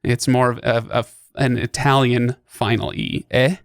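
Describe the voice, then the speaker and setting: A man's voice: medium pitch, little pitch movement, a little slow, gravelly, no room sound, clean studio sound. A man hosting a podcast, explaining at length in a casual way with lots of fillers and restarts. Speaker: podcast host.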